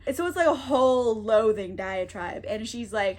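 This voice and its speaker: A woman recapping a play in a casual comedic way, rambling, exasperated and laughing, high. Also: animated, darkish tone. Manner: rambling, exasperated, laughing, acts out quick character voices. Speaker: book reviewer.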